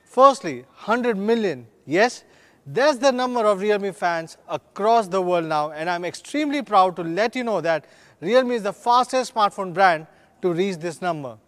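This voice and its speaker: A man's voice: sits high, animated, measured pace. A man, a company executive delivering an earnest, upbeat scripted keynote at a product launch.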